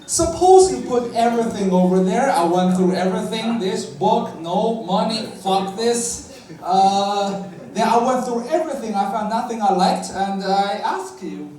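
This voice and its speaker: A man doing a stand-up comedy set, telling a story in a lively, animated way and jumping high in pitch when he quotes himself. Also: a little slow. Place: comedy club stage. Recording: echoey club, far-off mic, crowd laughing. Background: audience laughter.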